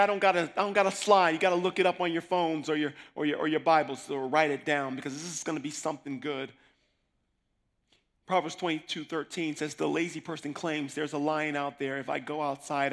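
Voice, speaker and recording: A man preaching a sermon, telling his testimony in a slangy, animated way that swings from hushed asides to shouting. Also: on the high side, brisk.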